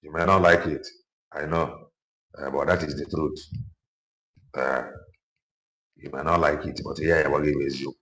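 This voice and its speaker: A man's voice: extremely low pitch, fairly even intonation, unhurried, long pauses, fairly bright tone, rough recording. A man with a Nigerian accent giving casual commentary from inside a car, repeating his points with emphasis. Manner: emphatic, repeats phrases for effect. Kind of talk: casual spoken commentary mixing Igbo and English.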